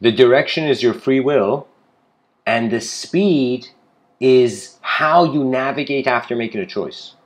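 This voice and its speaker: A man's voice: medium pitch, a little slow. A man giving an improvised spiritual lecture, rambling with frequent restarts and casual asides. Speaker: spiritual speaker.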